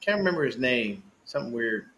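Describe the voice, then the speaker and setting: A man co-hosting a casual sports podcast, chatting in an animated, slangy way and laughing often. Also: mid-range voice, fairly quick, a little hiss or hum. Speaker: podcast co-host.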